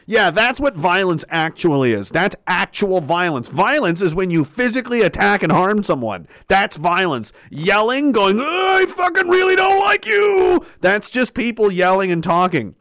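A man delivering an angry political rant full of profanity and sarcasm, breaking into shouted outbursts. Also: high voice, very animated, moderate pace, no echo, studio quality.

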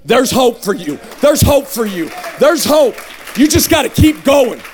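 A man in his thirties giving an emphatic, humorous testimony sermon, shouting at the high points. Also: sing-song, unhurried, some chatter behind, slight background noise. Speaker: evangelist. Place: revival tent.

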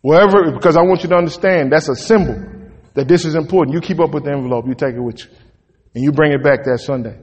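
A man preaching a sermon in a church, folksy and emphatic, with sudden loud peaks. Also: a little high, fast, husky, highs cut off. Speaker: pastor. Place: church sanctuary. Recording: long reverb of a church hall.

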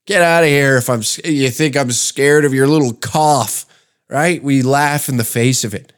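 A man from Canada holds forth alone on his comedy podcast, speaking at an ordinary, mid-range pitch. He rambles and stumbles through restarts, laying on sarcasm and swearing freely as he builds each rant. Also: normal speed, clear, resonant tone. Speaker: podcast host.

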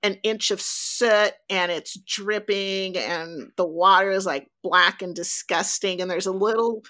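A woman hosting a podcast who tells a travel anecdote casually, with lots of fillers and lively storytelling. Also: medium pitch, measured pace. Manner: animated, chatty, filler-heavy.

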